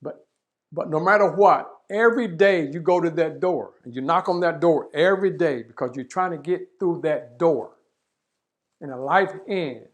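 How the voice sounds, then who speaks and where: A man's voice: on the high side, moderate pace. A man giving a leadership webinar talk, telling a parable and often checking in with "right?". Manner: storytelling, acts out voices, frequent "right?". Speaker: leadership speaker.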